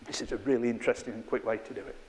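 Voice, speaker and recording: A man's voice: mid-range voice, fairly even intonation, rapid-fire, a little mellow, in a large hall. A middle-aged man, leading an interactive workshop with a live group in a chatty, playful, self-mocking way. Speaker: workshop trainer. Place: training room with a live group.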